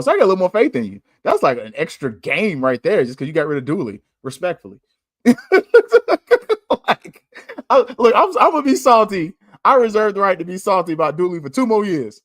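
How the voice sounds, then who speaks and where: Animated man making picks. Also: on the high side, dry recording, clean studio sound. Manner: animated, joking, trash-talking predictions. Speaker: podcast host. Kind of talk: casual sports podcast chat.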